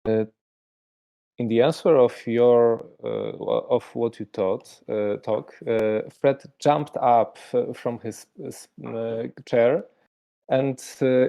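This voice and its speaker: A game master with a Polish accent describes the scene slowly, stopping often for fillers and restarts. The voice sits mellow and dark at a middling pitch. It is plainly a second language, narrated with care rather than speed. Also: fairly even intonation, creaky. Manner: halting, with many fillers.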